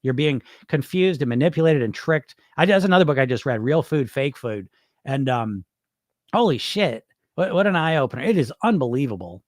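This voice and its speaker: A man's voice: medium pitch, expressive, brisk, no room sound, clean studio sound. A man hosting a weight loss podcast, answering viewer questions in loose, rambling chat with casual swearing. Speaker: weight loss hypnosis coach, podcast host.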